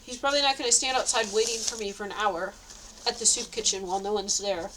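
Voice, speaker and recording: A woman's voice: mid-range voice, fairly even intonation, quick pace, a bit bright, slight background noise, poor audio. A woman telling a rambling story in a casual vlog, with frequent nervous laughs. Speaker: vlogger.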